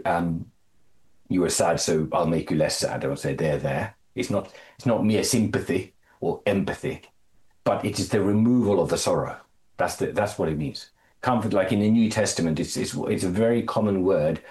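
A man leading a Bible study, explaining a passage in a halting way, often repeating words and lifting his voice on quotations. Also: a little mellow. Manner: halting, repeats words, stresses phrases with rising pitch. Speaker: Bible teacher.

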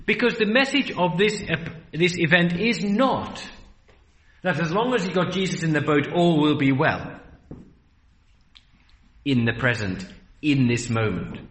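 A man preaching a sermon in an earnest, rhetorical way, slowing down and speeding up for emphasis. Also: a little high, expressive, a bit bright, reverberant.

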